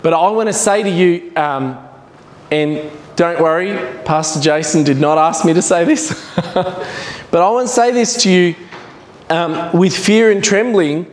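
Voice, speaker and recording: A man's voice: high voice, measured pace, a little hiss or hum. A man preaching a sermon as a visiting preacher, earnest and emphatic, repeating his points. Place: church. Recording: echoey church hall.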